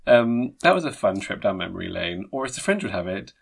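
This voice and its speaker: Casting note: man, podcast co-host, husky timbre, playful teasing, laughs a lot. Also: fairly low pitch, sing-song, brisk. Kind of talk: casual chat.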